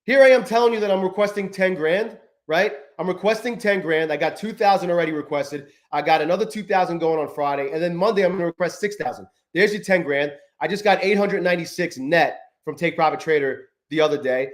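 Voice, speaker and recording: A livestreaming trader man whose voice sits on the higher side. His talk is loose and profane, full of self-directed frustration. Every so often he breaks off to greet viewers in the chat by name. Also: a little fast, few pauses. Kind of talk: live-stream chat while trading.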